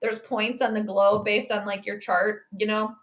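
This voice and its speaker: A woman's voice: mid-range voice, little pitch movement, normal speed. A woman hosting a casual livestream, rambling chattily through game reactions, viewer greetings and tangents. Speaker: livestream host doing game commentary and astrology predictions. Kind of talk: casual live-stream chat and play-by-play reactions.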